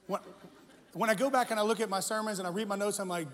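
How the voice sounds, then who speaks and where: A man's voice: sits high, brisk, a bit bright. A man in his forties, a pastor, preaching a story-driven sermon with self-deprecating humor and earnest feeling. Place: church sanctuary. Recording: echoey church hall.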